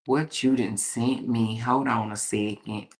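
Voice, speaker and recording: Very deep-voiced sassy woman. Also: steady tone, a little slow. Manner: sassy, blunt and profane, laughs often. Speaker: livestream commentary host. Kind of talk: casual livestream chat reading comments.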